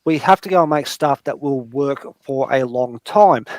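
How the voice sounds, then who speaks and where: A man's voice: mid-range voice, moderate pace, no echo. A man hosting a casual late-night stream panel, rambling with crude language and frequent restarts. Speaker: panel host.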